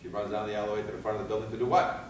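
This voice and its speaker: A man giving a fire safety seminar, animated and firing rhetorical questions at his audience, recorded in a seminar room. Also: lowish voice, rapid-fire, background noise. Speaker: fire escape safety instructor. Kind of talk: seminar lecture. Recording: echoey hall from far off.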